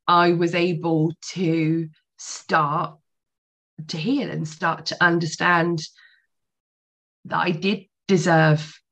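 A woman in her forties, a podcast guest telling her personal story candidly, swearing freely. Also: on the low side.

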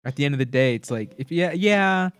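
A man's voice: on the high side, lively intonation, fairly quick, smooth, no echo. A young man in casual chat with friends, telling stories animatedly, acting out imagined dialogue and laughing often.

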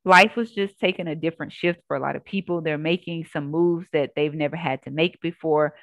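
Earnest woman yoga teacher, low voice. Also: a little fast, no echo, narrow, tinny audio. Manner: earnest, animated storytelling with acted-out quotes. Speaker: yoga instructor. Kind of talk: casual interview conversation.

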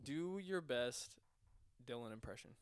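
A man's voice: medium pitch, expressive, unhurried, clear, resonant tone, dry recording. A young man chatting casually as a podcast co-host, easygoing as he explains the game. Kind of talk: casual chat.

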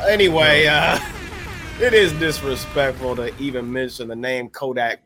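A man's voice: medium pitch, steady tone, moderate pace, music in the background. A man co-hosting a casual chat, trading laughing, mocking banter. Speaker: podcast co-host.

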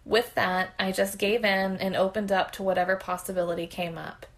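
A woman's voice: mid-range voice, steady tone, moderate pace. A woman podcast host reading a submitted story aloud in a candid, conversational way.

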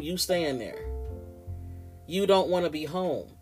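Man, animated preachy ramble, fairly high voice, guitar music underneath. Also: moderate pace. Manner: animated, preachy, slips into playful mimicry. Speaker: podcast host. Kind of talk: casual spoken ramble.

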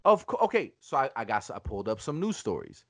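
A man of middle pitch making his case on a casual podcast, forceful and argumentative, with lots of restarts and swearing. His voice sounds close and dry, with almost no room around it. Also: sing-song, fast, no echo. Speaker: podcast host.

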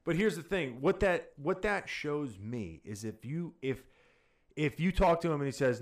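A man co-hosting a casual podcast, rambling through deadpan jokes. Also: fairly high pitch, moderate pace. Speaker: podcast co-host.

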